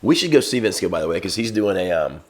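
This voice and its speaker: A man's voice: sits low, big pitch swings, fast. A man co-hosting a podcast, telling rambling anecdotes in an easygoing casual chat. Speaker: podcast co-host.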